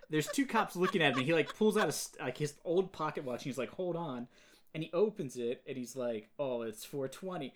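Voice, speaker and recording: A man hosting a podcast, casually retelling movie scenes in an animated way and quoting lines. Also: a little high, fast talker, few pauses, slight background noise. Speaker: podcast host. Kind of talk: casual chat.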